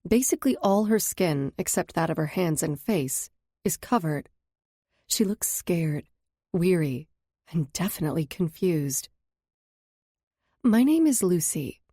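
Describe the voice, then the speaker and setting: Female audiobook narrator, lowish voice, measured introspective first-person delivery. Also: dark tone, no echo, clean studio sound.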